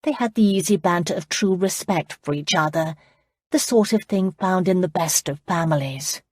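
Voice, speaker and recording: Woman audiobook narrator, steady storytelling, lowish husky voice, dead dry booth. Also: moderate pace, no room sound.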